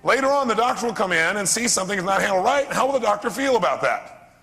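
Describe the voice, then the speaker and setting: A gravelly, husky man talks fast and animatedly at a live seminar, firing questions at the audience. His voice carries the long reverb of a large hall. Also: sits high, animated, bright, forceful tone. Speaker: motivational speaker.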